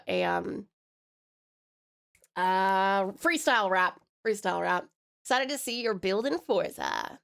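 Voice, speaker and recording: A woman from Australia chatting casually on a live stream, rambling and giggly with lots of fillers, and her throat a little hoarse. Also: medium pitch, a bit bright. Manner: rambling, giggly, loopy, with many fillers and restarts. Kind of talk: casual live-stream chat reading viewer messages.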